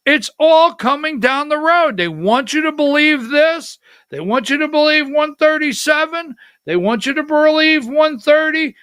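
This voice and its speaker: A man's voice: very high voice, a little slow, bright, forceful tone, dry recording, clean studio sound. An older man hosting a political talk livestream, rambling from topic to topic in a chatty way and calling out instructions to his producer as he goes. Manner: chatty, jumps between topics, talks to his producer mid-show. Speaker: political talk show host.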